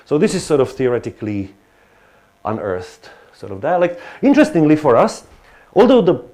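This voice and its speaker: A man's voice: a little high, wildly swooping pitch, normal speed, dark tone. Hesitant male lecturer. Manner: hesitant, many restarts and fillers. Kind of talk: academic lecture.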